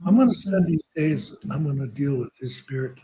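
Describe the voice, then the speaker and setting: An older man telling a personal story in a slow, halting, soft-spoken way. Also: a little high, lively intonation, low-quality recording. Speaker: podcast guest speaker.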